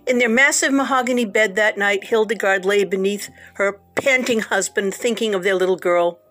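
A woman's voice: mid-range voice, moderate pace. Dramatic female narrator for a gothic tale, faint music bed. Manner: expressive, dramatic. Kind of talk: audiobook narration of a gothic story.

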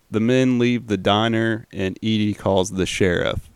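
Deep gravelly man recapping a film. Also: unhurried, no room sound. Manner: relaxed, swears casually, uses fillers. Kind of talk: casual film commentary.

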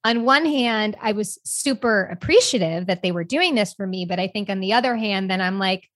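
Young woman rambling on a podcast, candid and expressive, dry mic, no room. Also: medium pitch, moderate pace, no echo. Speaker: podcast co-host. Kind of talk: casual chat.

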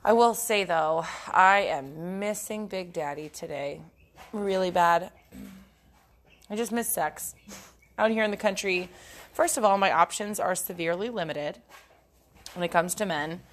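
A woman's voice: lowish voice, unhurried, pauses often. A young adult woman hosting a casual solo podcast, talking frankly and profanely and often breaking into giggles. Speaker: podcast host.

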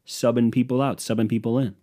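A man's voice: mid-range voice, level tone, quick pace, warm tone. Profane, exasperated man ranting. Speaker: podcast host. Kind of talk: casual solo rant.

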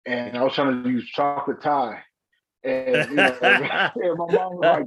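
A man's voice: mid-range voice, normal speed, loud music behind the voice. A man in his thirties, a dad, chatting casually with loose slang and frequent laughter. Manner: laid-back slang, laughs often. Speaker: podcast co-host. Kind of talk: casual chat. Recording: muffled lo-fi mic.

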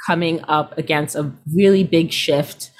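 A woman in her thirties, a healer, chatting casually and acting out quoted people with lively swings in her voice. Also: a little slow. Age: 30s. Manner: expressive, acts out quoted people with big pitch jumps. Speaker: guest, healer. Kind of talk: casual podcast conversation.

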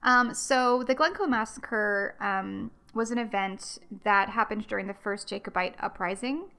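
A woman's voice: mid-range voice, unhurried, pushed and bright, clear, resonant tone. A young adult woman from the United States hosting a casual solo history podcast, chatty and rambling, with many ums and restarts. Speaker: podcast host.

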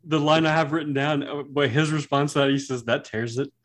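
A man co-hosting a podcast, talking about a film in a relaxed, halting way with many fillers. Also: on the high side. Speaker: podcast co-host. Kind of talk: casual film discussion.

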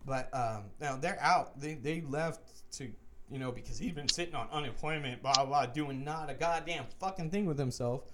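A man's voice: a little high, moderate pace, very noisy. A young man co-hosting a casual podcast, ranting heatedly with lots of swearing. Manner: heated, profane, rising to shouts when retelling arguments. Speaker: podcast co-host.

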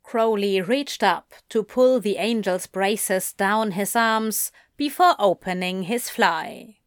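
Slow, intimate woman reading a story. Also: mid-range voice, clean tone, no echo, studio quality. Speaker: reader. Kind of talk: reading fan fiction aloud.

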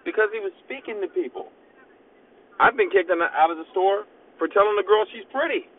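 Slangy dad podcasting from his car. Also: fairly quick. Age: adult, father of young kids. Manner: slangy, rambling, keeps getting interrupted by his kids. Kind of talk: casual rambling podcast monologue. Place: inside a car. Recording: phone-like sound with faint vehicle rumble.

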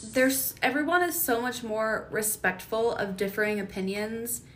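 A woman's voice: fairly high pitch, moderate pace, slight background noise. A young woman co-hosting a podcast, chatting casually in a blunt, opinionated way and laughing between remarks. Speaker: podcast co-host. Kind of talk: casual chat.

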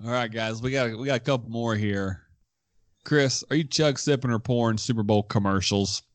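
A man's voice: mid-range voice, moderate pace, dry recording. Married guy hosting, mid voice, upbeat and arguing his point, dry mic. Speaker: podcast host. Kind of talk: casual chat.

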